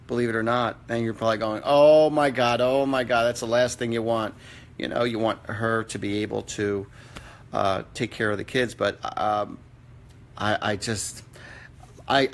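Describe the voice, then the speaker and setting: A man hosting a live psychic reading, with a middle-pitched voice. He speaks in an earnest, halting way, trails into fillers and restarts his sentences as he works through each viewer's question. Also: a bit bright. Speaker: psychic medium host.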